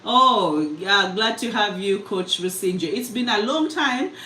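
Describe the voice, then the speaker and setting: Lady coaching public speaking live, quick and punchy, echoey room, bit far from the mic. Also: medium pitch, expressive, sharp tone, a little hiss or hum. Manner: fast, emphatic, chatty, laughs easily. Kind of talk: live mentorship session, reading comments. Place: live online session.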